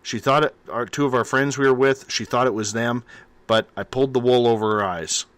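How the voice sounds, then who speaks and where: A man hosting a call-in radio show, chatting with callers in an easy, friendly way. His voice sits at a middle pitch, and the sound is dry and close with no room echo. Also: steady tone, fairly quick, a bit bright.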